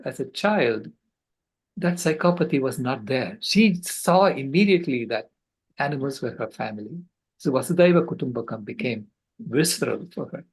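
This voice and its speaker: Gravelly older man telling an earnest story. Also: medium pitch, expressive, poor audio. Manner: earnest, passionate, with halting restarts. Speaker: conference speaker. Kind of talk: storytelling talk. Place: at home on a video call. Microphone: video call.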